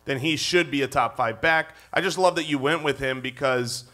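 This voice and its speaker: Bright-voiced man pitching on a live stage. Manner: energetic, fast, emphatic pitching. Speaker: podcast co-host. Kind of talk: live podcast banter before an audience. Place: theater stage with live audience.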